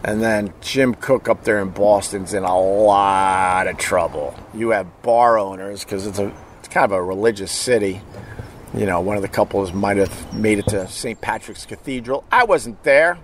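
A man's voice: on the low side, fairly even intonation, moderate pace, a little hiss or hum. A middle-aged man hosting a show, telling a rambling story in a casual, profane way and chuckling as he goes. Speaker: podcast host.

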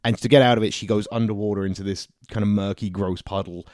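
A man, co-hosting a casual film review podcast, talking in an animated, sweary way. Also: on the low side, quick pace, no room sound, clean studio sound. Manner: animated and sweary, slips into exaggerated voices for people in the film. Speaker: podcast co-host.

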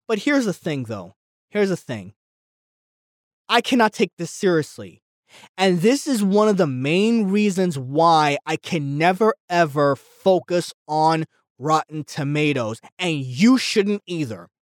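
A man's voice: on the high side, big pitch swings, measured pace, no echo, clean studio sound. Fired-up ranting podcast man. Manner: heated, swears, repeats himself, swings between yelling and muttering. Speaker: podcast host.

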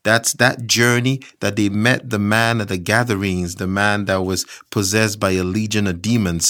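A man delivering a sermon, reading scripture slowly, then rising into raised, emphatic preaching. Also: a bit bright. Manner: builds from low and measured to raised, emphatic preaching; slows down to read scripture aloud.

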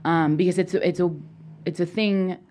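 A young woman from Peru, a native Spanish speaker, talks as a guest in a relaxed interview. Her voice sits low. She tells her story at length, stringing it together with fillers. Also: normal speed. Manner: chatty, storytelling with many fillers. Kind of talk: casual interview.

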